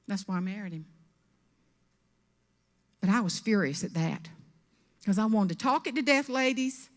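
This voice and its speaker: A woman with a Southern US accent, a motivational speaker and humorist telling a comic story on stage, sassy and animated. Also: mid-range voice, moderate pace, pauses often. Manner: sassy, animated, acts out every voice. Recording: long reverb of a large hall.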